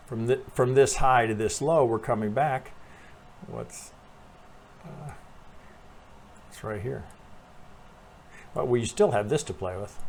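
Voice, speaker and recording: A man's voice: medium pitch, darkish tone. Brief: male trading channel host, casual rambling chart talk, swears freely, keeps asking "right?", faint noise behind. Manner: rambling, profane, self-correcting, talks to viewers with frequent "right?". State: coughing, allergies. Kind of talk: casual chart analysis monologue.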